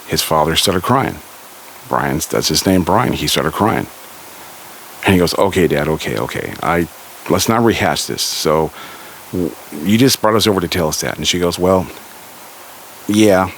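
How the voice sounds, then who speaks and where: A man's voice: sits low, slight background noise, rough recording. A man from Southern California telling a story casually, relaying a conversation with frequent "he goes" and "she goes.".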